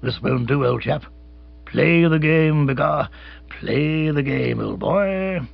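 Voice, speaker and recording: A man's voice: on the high side, slow, vocal fry, breathy edge, lo-fi sound, heavily acted. A man doing a bluff old colonial hunter. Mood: gruff. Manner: blustering, clipped and gallant. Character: bluff middle-aged British ex-colonial hunter, hearty. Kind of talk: audiobook reading.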